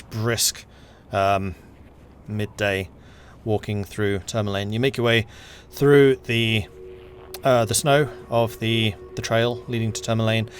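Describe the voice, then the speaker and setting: A man acting as game master for a tabletop game, talking over an online call. His narration is loose and unhurried, full of ums and uhs as he paints the scene. His pitch sits in an ordinary middle range. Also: a little hiss or hum. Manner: relaxed, unhurried narration with frequent fillers.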